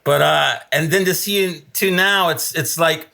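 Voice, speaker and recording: A man's voice: a little high, moderate pace, creaky, pushed and bright. A man guest on a podcast, chatting easily and paying compliments to the hosts, with many fillers. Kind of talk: casual chat.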